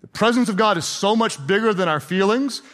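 With a brisk delivery and a slightly bright voice that's high for a man, a pastor gives a chatty sermon. He throws questions at his congregation and drifts into playful sarcasm.

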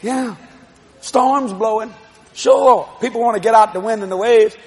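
A man preaching a televised sermon to a congregation, shouting and telling stories. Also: high voice, unhurried. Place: church service before a congregation. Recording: live congregation with loud laughter and noise.

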